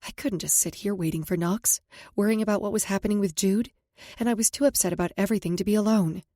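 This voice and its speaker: A woman narrating a first-person romance audiobook in a steady, intimate way. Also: mid-range voice, fast, dry recording, clean studio sound.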